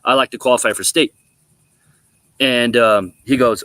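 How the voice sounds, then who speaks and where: Animated man telling a sports story. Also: medium pitch, a little slow, no echo. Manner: animated storyteller, acts out quotes. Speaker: former college quarterback, guest. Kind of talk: casual storytelling on a sports talk show.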